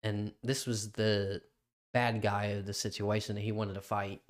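A man's voice: on the low side, flat delivery, normal speed. A young man co-hosting a podcast, telling a story in a rambling, profane way and laughing often. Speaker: podcast co-host. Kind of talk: casual chat.

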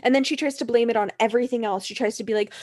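A woman's voice: on the high side, very fast, darkish tone. A woman co-hosting a casual chat, ranting heatedly and profanely with mocking quotes.

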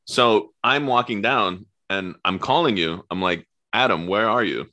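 A man's voice: lowish voice, measured pace, bright, forceful tone, dull audio. A man co-hosting a podcast, recounting a night out step by step in casual chat. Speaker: podcast co-host.

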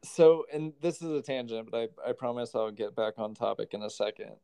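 A man's voice: medium pitch, fairly even intonation, brisk, gravelly, mellow, clear, resonant tone. A man co-hosting a podcast in casual chat, wry and teasing, often laughing. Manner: wry, sarcastic, laughs easily. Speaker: podcast co-host.

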